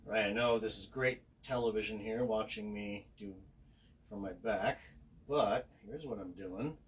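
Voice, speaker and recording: A man's voice: on the low side, unhurried, slight background noise. A man chatting casually on a livestream as he signs autographs, narrating each step and joking at his own expense. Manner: chatty and self-deprecating, narrating what he does. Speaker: voice actor signing autographs on a livestream.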